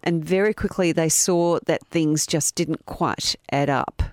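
A woman hosting a podcast, telling a true crime story in a steady, matter-of-fact way with asides. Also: sits low, unhurried, no room sound, studio quality. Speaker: podcast host.

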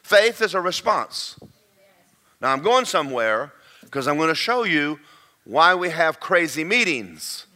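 A man's voice: fairly high pitch, big pitch swings, a little slow, bright, forceful tone. A man preaching a sermon, talking to his congregation in a chatty way, telling stories and repeating himself for effect. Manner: conversational preaching with storytelling and repetition. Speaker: pastor.

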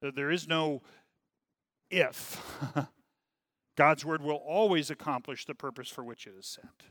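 A man teaching a religious class reads from a text and breaks off to comment, often asking "okay?" and "right?" His measured, slightly bright voice swings widely in volume, dropping low on asides, with no room sound.

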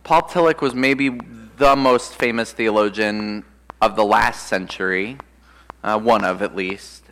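A man, an Episcopal priest, preaching a sermon in a relaxed, thoughtful way, often pausing with "uh" and "um". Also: lowish voice. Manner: conversational and reflective, with frequent "uh" and "um". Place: church. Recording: long church reverb.

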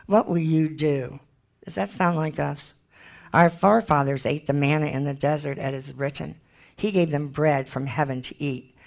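A woman's voice: deep voice, steady tone, normal speed, vocal fry, darkish tone. A woman giving an informal Bible teaching, chatty and emphatic, thinking aloud as she looks up verses.

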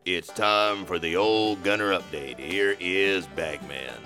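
Deep-voiced male show announcer. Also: slow, bright, forceful tone, faint music behind. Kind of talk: announcer bumper.

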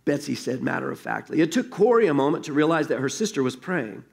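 A man's voice: on the high side, sing-song, quick pace, vocal fry, hardly any pauses, a little mellow. A man preaching a sermon as pastor, earnest and conversational, reading a story aloud to his congregation.

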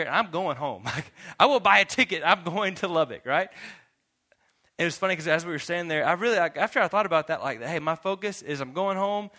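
A young man from Texas preaches in a loose, chatty way, laughing often and playing out every voice in his stories himself. His voice is bright and a touch high for a man. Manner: laughs often, acts out both sides of conversations. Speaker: youth pastor. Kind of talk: casual sermon with a story.

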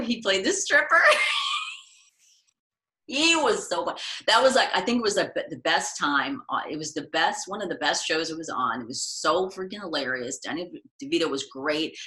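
A middle-aged woman from the United States, chatting as an interview guest and telling stories, acting out quotes in lively voices. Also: low voice. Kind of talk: casual interview storytelling.

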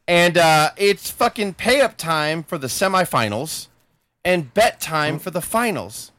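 A young man co-hosting a podcast, loud and exasperated, swearing through casual rowdy banter. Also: a little high, animated, unhurried, no echo. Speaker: podcast co-host.

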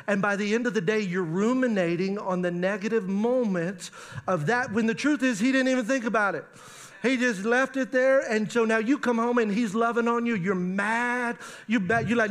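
A middle-aged male pastor preaching a sermon on marriage, animated and acting out spouses' voices. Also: high voice, fairly quick.

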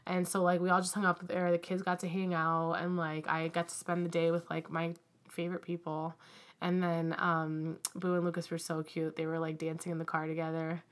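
Chatty young woman, lowish voice. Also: monotone, normal speed. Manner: rambling, heavy use of "like" and "um". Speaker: podcast co-host. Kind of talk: casual chat.

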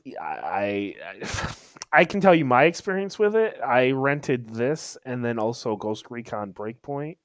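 A man chatting casually about video games. He is hesitant and trails off quietly at the ends of thoughts. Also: medium pitch, very animated, measured pace, dry recording, clean studio sound. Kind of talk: casual chat.

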